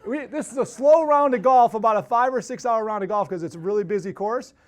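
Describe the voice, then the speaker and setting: A man with a high-sitting voice hosts a podcast, speaking briskly. His casual story rambles, full of restarts and tag questions.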